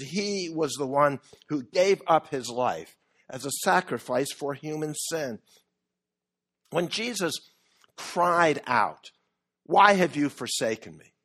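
A man preaching a sermon earnestly, with measured pauses that build to emphatic peaks. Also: on the high side, fairly bright tone.

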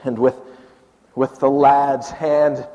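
A man performing a first-person monologue as an aged male prophet, shifting between hushed and impassioned delivery. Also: medium pitch, little pitch movement, slow, muffled recording, pitched below the performer's own voice, close to an everyday voice. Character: aged male prophet recounting his miracles. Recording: long hall reverb.

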